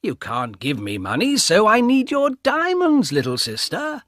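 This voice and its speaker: A man's voice: sits high, wildly swooping pitch, unhurried, a bit bright, no room sound, clean studio sound, pitched above the performer's own voice, heavily acted. A man doing a greedy, taunting young man. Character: greedy, mocking young man, broke brother.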